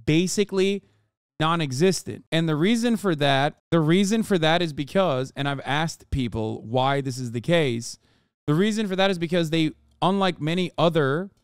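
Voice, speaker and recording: Profane young man ranting, crisp and dry. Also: on the high side, no echo. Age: young adult. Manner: emphatic, profane, repeats himself. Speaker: streamer and commentator. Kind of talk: profane reaction rant.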